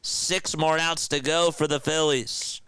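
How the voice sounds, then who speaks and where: Male fan streamer, live play-by-play, excitable and chatty; smooth, resonant voice, dry close sound. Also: on the high side, takes it slowly, no room sound. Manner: excitable, hyped, chatty with viewers.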